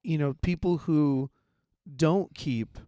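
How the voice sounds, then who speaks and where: A man co-hosting a faith podcast in casual chat, halting and searching for words, often agreeing with short interjections. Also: fairly high pitch, mellow, clean tone, no echo, clean studio sound. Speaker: podcast co-host.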